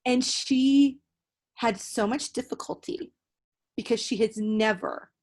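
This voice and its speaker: A young woman hosting a podcast in casual chat, an animated storyteller who swears freely. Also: fairly high pitch, slow. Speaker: podcast host.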